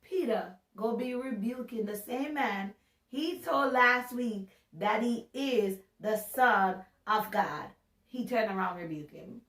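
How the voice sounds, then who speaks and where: A woman giving a casual, animated Bible talk, chatty and joking at her own expense. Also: a little high, takes it slowly. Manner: chatty and animated, laughs at herself. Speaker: Bible teacher. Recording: roomy sound from a distance.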